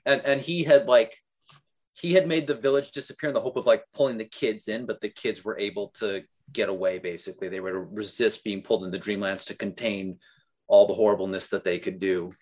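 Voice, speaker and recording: Guy at a tabletop game, rambly, says like a lot, mid pitch. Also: fairly even intonation, a little fast. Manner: rambling, filler-heavy. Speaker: player. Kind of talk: casual chat.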